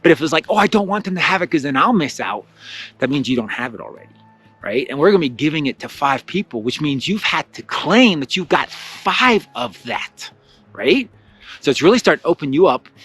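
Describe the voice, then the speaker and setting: Guy doing a chatty spiritual self-help talk, voice a bit on the high side, lots of "like" and "you know". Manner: chatty and animated, with many fillers and acted-out quotes of his own thoughts. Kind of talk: casual storytelling and guided teaching.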